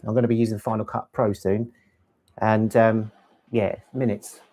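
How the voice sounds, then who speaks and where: In a lowish, mellow voice with little pitch movement and normal speed, a man hosts a casual LEGO channel live stream. He rambles chattily, reads chat aloud and fields viewers' questions about gear.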